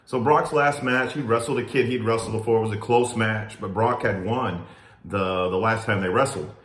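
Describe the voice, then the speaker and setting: A man in his thirties co-hosting a family podcast and coaching youth wrestling, telling stories in a steady, earnest way. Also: fairly low pitch, moderate pace, reverberant. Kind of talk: casual chat.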